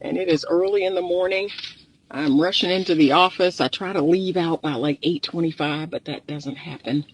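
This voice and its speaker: High-voiced man, groggy morning voice, therapist vlogging outdoors on a phone, emphatic and repetitive. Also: moderate pace, slight background noise, rough recording. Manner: emphatic, repeats points, talks to viewers directly. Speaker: relationship therapist. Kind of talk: casual vlog commentary. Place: outdoors in the sun. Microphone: phone held or propped nearby.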